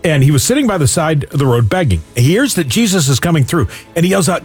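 A man hosting a radio fundraising appeal, his pitch rising and falling a lot as he tells Bible stories. He acts out the cries and the shushing, with soft music under his voice. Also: quick pace, few pauses, husky. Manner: animated, acts out shouts and hushes in his stories.

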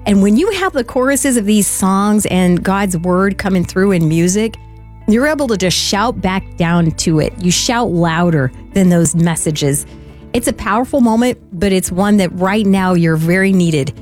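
A woman's voice: mid-range voice, animated, unhurried, darkish tone, faint music behind. A mother co-hosting a Christian radio fundraiser, sharing a family story in an earnest, heartfelt way. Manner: earnest and heartfelt, laughs easily. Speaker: radio fundraiser co-host and parent. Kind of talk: on-air fundraising appeal, personal story.

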